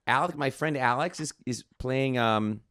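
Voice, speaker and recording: A man putting on a chatty young woman with a Wisconsin accent, excited and stumbling over his words. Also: mid-range voice, moderate pace, voice pushed up, close to an everyday voice. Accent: put-on Wisconsin.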